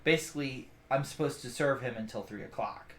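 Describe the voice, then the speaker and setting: A man's voice: medium pitch, brisk, fairly bright tone, echoey room, a little hiss or hum. A man running a tabletop game as game master, explaining rules and thinking aloud as he rules on skills.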